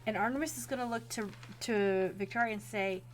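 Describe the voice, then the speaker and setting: A woman narrating as game master in a tabletop role-play, talking in an animated way. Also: mid-range voice, brisk, soft background music.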